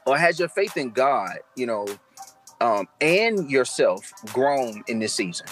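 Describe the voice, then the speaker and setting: A man's voice: mid-range voice, big pitch swings, a little slow, soft background music. A man from Georgia hosting a casual faith podcast, talking in an affirming, preachy way. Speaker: podcast host.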